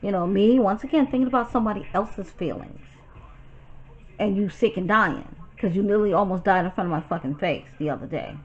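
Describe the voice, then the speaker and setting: A woman from New York telling a personal story to her viewers in a blunt, profane, animated way. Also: mid-range voice, fairly quick, dull audio. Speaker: YouTuber. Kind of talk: storytime vlog.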